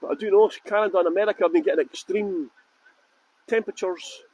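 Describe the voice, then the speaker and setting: A man's voice: sits high, fairly even intonation, quick pace, a little mellow. A man with a Scottish accent hosting a live walking tour outdoors by a fountain, chatting casually and making flippant jokes. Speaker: tour guide. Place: outdoors by a fountain in a windy city square.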